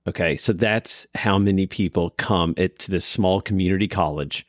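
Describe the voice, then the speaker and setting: A man with a Kentucky accent hosts a casual podcast from an office room, talking in a loose, rambling, self-deprecating way. His voice sits low, and the recording is dry and close. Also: normal speed, no echo. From Kentucky, USA. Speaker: podcast host.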